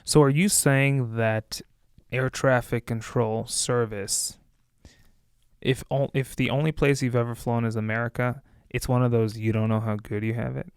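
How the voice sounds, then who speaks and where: Casting: male interviewer, mid pitch, smooth clear voice, dry close mic. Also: fairly even intonation, moderate pace, no room sound. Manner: brief reactions, easygoing questions. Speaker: podcast host. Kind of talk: casual podcast interview.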